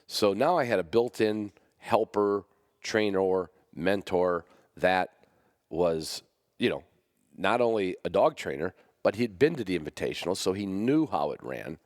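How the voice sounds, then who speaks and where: Middle-aged male host, very low voice, dry close sound, rambling storyteller with wry asides. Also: lively intonation, a little slow, no room sound. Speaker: podcast host. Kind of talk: casual storytelling.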